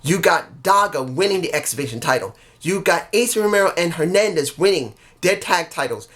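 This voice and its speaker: A man's voice: on the high side, lively intonation, moderate pace, a bit bright. A man vlogging casually as a wrestling fan, rambling earnestly and often correcting himself mid-sentence. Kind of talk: casual solo storytelling vlog.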